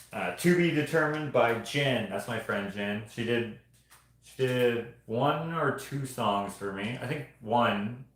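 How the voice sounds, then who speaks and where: A man at an ordinary pitch talks loosely as he shows his art prints on a stream, joking, trailing off and laughing at himself. His voice rings around a very echoey room. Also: a little hiss or hum. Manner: rambling, jokey, laughs often. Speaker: artist streaming show-and-tell. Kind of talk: casual livestream chat.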